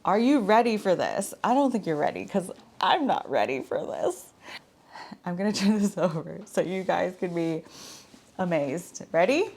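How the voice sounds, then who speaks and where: A woman's voice: lowish voice, very animated, normal speed, gravelly, a little mellow. A woman in her thirties vlogging in a frank, chatty way, full of filler words. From Washington state. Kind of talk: casual chat.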